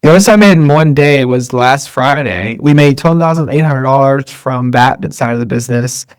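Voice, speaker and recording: A man's voice: medium pitch, normal speed, dry recording. A man being interviewed as a guest, talking casually and rambling, with lots of fillers and restarts. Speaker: guest entrepreneur.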